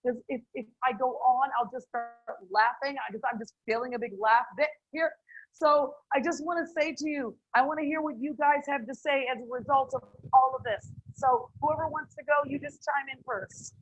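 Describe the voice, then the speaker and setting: A woman leading a faith group on a video call, effusive and quick to exclaim, laughing between thoughts. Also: sits high, fairly even intonation, husky, dull audio. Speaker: group leader.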